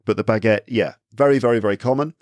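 An Englishman from England talks fast in a lowish, slightly mellow voice, captured in a dry recording. As a talkative podcast guest in a casual chat, he often corrects himself mid-sentence and laughs easily.

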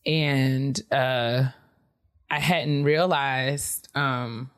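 A woman co-hosting a podcast, telling a lively story in casual chat and acting out the people in it with laughter. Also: very deep voice, extremely slow. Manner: animated storyteller, acts out quotes with laughter. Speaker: podcast co-host.

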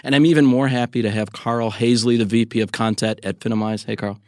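A man's voice: medium pitch, fairly even intonation, brisk, a little mellow, no room sound, studio quality. A man hosting a news podcast, cheerful and joking as he reads out the headlines and greets his guests. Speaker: podcast host. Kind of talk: casual news podcast chat. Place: studio office.

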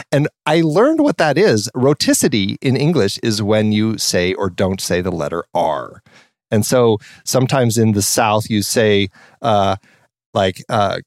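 A man's voice: mid-range voice, dry recording. A man in casual movie chat on a podcast, chatty and a little self-deprecating. His voice sits in the middle range, recorded close and dry with no room sound. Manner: chatty, self-deprecating, reads quotes from notes. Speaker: podcast co-host.

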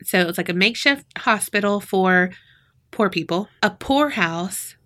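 A woman's voice: mid-range voice, animated, moderate pace, a bit bright. A woman co-hosting a podcast in casual chat, rambling, giggly and swearing freely. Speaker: podcast co-host.

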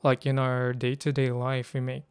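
A man's voice: medium pitch, monotone, normal speed, clear, resonant tone, dry recording. A man from the Philippines, hosting a casual solo podcast and thinking aloud with many fillers. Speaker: podcast host.

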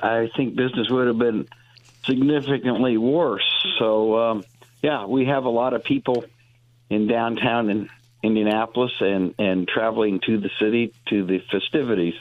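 A man in his sixties, a deli owner calling in to a radio show, talking in a halting way with many restarts. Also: mid-range voice, steady tone. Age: 60s. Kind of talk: casual radio interview on the phone. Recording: dry tinny phone line.

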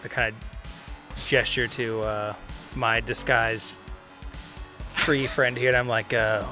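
A man's voice: medium pitch, flat delivery, takes it slowly, long pauses, pushed and bright, faint music behind. A man playing a tabletop game casually, describing his character's actions with hesitant restarts. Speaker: player.

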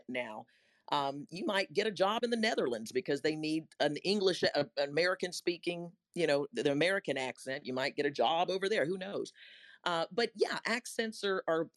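A woman voice-acting coach, talking casually on a panel in a folksy, animated way. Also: sits low, dry recording. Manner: animated, folksy, repeats words.

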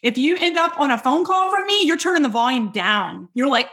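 A woman with a high voice teaches in a loud, hyped-up way. She is emphatic and keeps checking in with her listeners as she coaches them. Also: animated, a little fast, hardly any pauses. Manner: talks straight to listeners with frequent checks like "right?" and "okay?". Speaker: business coach and podcast host. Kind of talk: energetic teaching talk.

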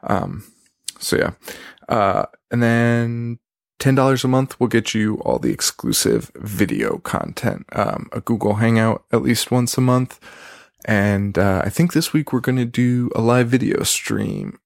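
A man hosting a podcast on his own, rambling casually in a half-quiet voice with lots of fillers and a self-deprecating streak. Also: medium pitch, a little slow, vocal fry, dry recording, studio quality. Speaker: podcast host. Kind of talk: casual solo podcast chat.

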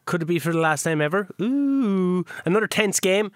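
A man co-hosting a casual podcast, recapping a game season with jokes and lively storytelling. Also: sits high, normal speed, no room sound, studio quality. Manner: jokey, animated recapping of game moments. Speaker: podcast co-host. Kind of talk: casual chat.

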